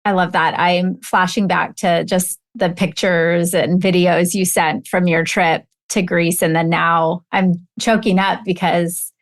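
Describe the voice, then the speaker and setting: A woman's voice: on the low side, little pitch movement, a little slow, hardly any pauses. A middle-aged woman hosting a podcast, thinking aloud and affirming her guest in a reflective way. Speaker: podcast host, business coach. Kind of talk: conversational interview.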